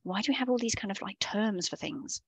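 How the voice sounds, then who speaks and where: A woman's voice: medium pitch, expressive, brisk, creaky, husky, no echo. A woman leading a live online coding workshop over a video call, explaining things in a chatty way and often correcting herself as she goes. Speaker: workshop instructor.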